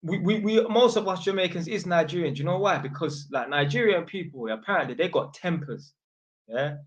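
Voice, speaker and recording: A man's voice: a little high, a little fast, highs cut off, slight background noise. Slangy North London man chatting. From North London, England. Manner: slangy street talk, loose and rambling. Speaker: channel host. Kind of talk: casual livestream chat.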